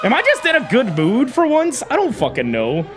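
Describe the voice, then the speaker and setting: A streamer chatting live with viewers, hyper and shouty, swearing a lot and bursting into yells. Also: mid-range voice, huge pitch swings, normal speed, music in the background.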